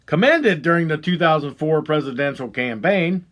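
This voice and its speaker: Man ranting angrily, lively pitch. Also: normal speed, hardly any pauses. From Ohio. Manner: profane, heated, swings from loud outbursts to low mutters. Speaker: podcast host. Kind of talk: angry ranting monologue.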